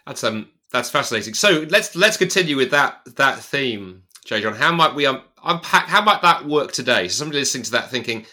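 A man hosting an interview, asking thoughtful, halting questions with fillers. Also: medium pitch, lively intonation, pushed and bright. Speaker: podcast host.

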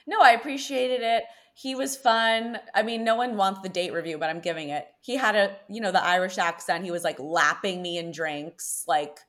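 A young woman from Connecticut hosting a podcast, telling dating stories in an animated, chatty way full of "like". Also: medium pitch, normal speed, few pauses. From Connecticut, USA. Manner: chatty, animated storytelling with frequent "like". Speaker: podcast host. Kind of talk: casual chat.

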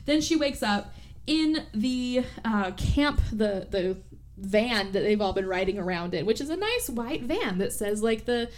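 A woman hosting a podcast recaps a movie in loose, casual chat. She is animated and swears freely, and her voice sits fairly high. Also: measured pace. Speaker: podcast host.

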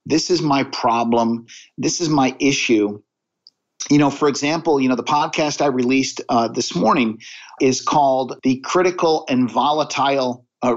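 An earnest man speaks as a podcast guest, working through anecdotes in a conversational style and often circling back to restart his phrases. His voice sits at a middling pitch. The audio is dull and slightly lo-fi. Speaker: podcast guest, sales coach. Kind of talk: conversational interview storytelling.

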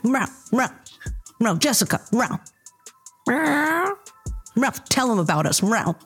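A woman's voice: a little high, animated, slow pace, husky, soft background music, full character voice. A woman voicing a sly female tabby cat who meows between her words in an improv comedy scene. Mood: taunting.

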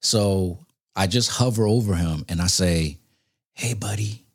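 Low-voiced man telling a story, slangy. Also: unhurried. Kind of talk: casual storytelling.

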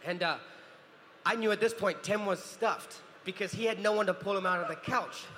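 A man in his thirties from New Zealand, telling animated stories as a guest on a convention panel and acting out other people's voices. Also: high-pitched, normal speed. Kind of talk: anecdotal storytelling. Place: large convention hall. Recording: convention hall with reverb and faint noise.

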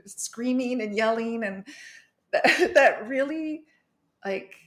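A woman hosting a casual conversation, an animated storyteller who laughs often. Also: fairly high pitch, slow. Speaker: podcast host.

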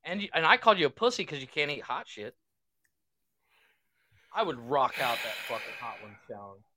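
A man co-hosting a casual podcast, excitable and swearing a lot, acting out the quotes in his stories. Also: mid-range voice, brisk. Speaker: podcast co-host. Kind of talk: casual chat.

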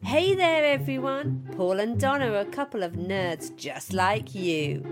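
A woman reads a scripted intro with bouncy energy, her pitch swinging widely. Music plays clearly behind her. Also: animated, a little slow. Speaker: show intro announcer.

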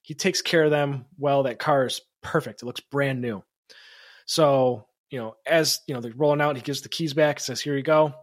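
A man co-hosting a podcast, telling absurd comic stories in a casual, animated way and laughing often. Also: mid-range voice, moderate pace, dry recording, clean studio sound. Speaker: podcast co-host. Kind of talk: casual comedic storytelling.

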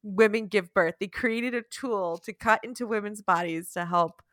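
A woman co-hosts a podcast in a bright, crisp voice. She is playful and giggly and tells stories with drama, close to a studio mic in a dry, dead room. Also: medium pitch, moderate pace, no room sound. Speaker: podcast co-host. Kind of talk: casual chat.

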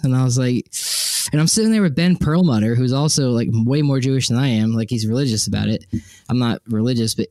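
A young man co-hosts a podcast in loose, rambling casual chat, tripping over fillers and restarting his thoughts. His voice sits at an ordinary middle pitch. The sound is dry and close to the mic. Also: fast, mellow, no room sound. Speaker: podcast co-host.

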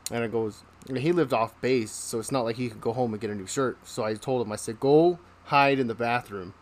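A man's voice: mid-range voice, steady tone, fast. A man hosting a podcast, telling casual stories, laughing often and acting out the people in them. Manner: acts out the people in his stories. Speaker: podcast host. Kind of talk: casual storytelling.

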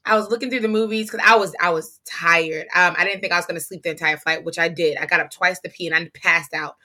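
A woman co-hosting a podcast, talking in casual chat, animated and laughing often. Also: fairly low pitch, quick pace. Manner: animated, laughs often, slips into playful voices. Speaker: podcast co-host.

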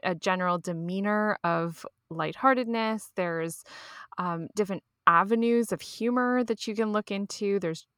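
A woman's voice: mid-range voice, moderate pace, fairly bright tone, clear, resonant tone, no room sound, clean studio sound. A woman co-hosting a podcast, speaking thoughtfully in casual chat, with many fillers and restarts. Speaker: podcast co-host.

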